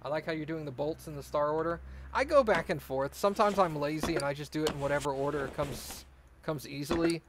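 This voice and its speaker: Chatty, higher-voiced male streamer. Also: fairly quick, background noise. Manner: rambling, joking, chatty with viewers. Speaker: let's play streamer. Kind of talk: casual gameplay chat.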